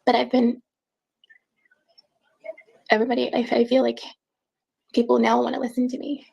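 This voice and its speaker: A woman giving an emotional personal account in an interview, halting and repeating words as she speaks. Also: a little high, monotone, vocal fry, darkish tone, husky, muffled recording.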